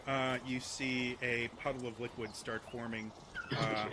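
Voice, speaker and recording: A man narrating as game master in a laid-back, halting way. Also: mid-range voice, level tone, a crowd in the background.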